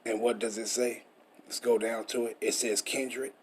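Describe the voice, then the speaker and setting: A man's voice: mid-range voice, flat delivery, moderate pace, a little hiss or hum. A man teaching scripture in a preachy, emphatic way, full of rhetorical questions and swearing. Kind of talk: street-style scripture teaching.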